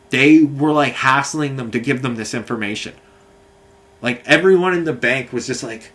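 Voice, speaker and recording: A man's voice: medium pitch, moderate pace, fairly bright tone. A man telling a long, angry, rambling story, swearing often. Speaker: vlogger. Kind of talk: ranting monologue.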